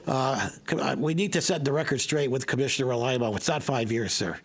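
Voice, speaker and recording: A man's voice: medium pitch, animated, brisk. A man speaking as a resident at a town planning hearing, emphatic and insistent, repeating his points and checking in with "okay?". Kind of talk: public comment at a town meeting.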